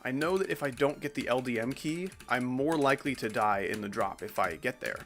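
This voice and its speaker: A man's voice: mid-range voice, a little fast, fairly bright tone, faint music behind. A man streaming a game, rambling casually as he comments on his play. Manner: rambling, chatty, swears casually. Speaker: gaming streamer.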